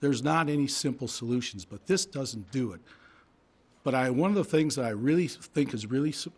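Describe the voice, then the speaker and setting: A man speaks at a podium microphone in a public hearing room. His voice is hoarse and husky from a voice that is giving out. He argues with emphatic, indignant force and piles up rhetorical questions. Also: mid-range voice, expressive, moderate pace.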